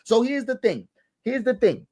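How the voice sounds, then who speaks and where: A man's voice: very high voice, big pitch swings, moderate pace, a little mellow. A man giving impassioned social commentary, stressing points by repeating them, asking rhetorical questions and now and then laughing. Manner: emphatic, repeats key phrases, rhetorical questions.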